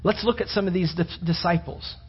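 A man preaching a sermon, telling the story with animated storytelling and acting out the disciples' voices. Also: high-pitched, a little fast, husky, lo-fi sound. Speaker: pastor.

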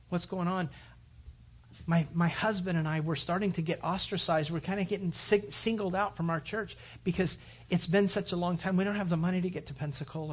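Man, pastor, sermon, high voice, emphatic preaching, muffled lo-fi recording. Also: slightly rough. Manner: builds to loud, emphatic preaching.

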